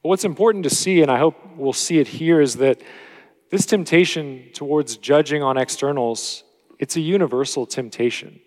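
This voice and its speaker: A man delivering a sermon in a steady, teaching manner, now and then correcting himself mid-phrase. His voice sits a little on the high side, and the sound carries a long reverberant tail from the church hall. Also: moderate pace. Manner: steady expository preaching with occasional self-corrections. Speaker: pastor.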